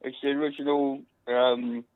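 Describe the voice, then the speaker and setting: A man's voice: mid-range voice, level tone, smooth, no echo. A man calling in to a live show, chatting casually and teasing the host. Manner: teasing, laughing, quick. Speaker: phone caller. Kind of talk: casual chat. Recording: tinny dry phone line.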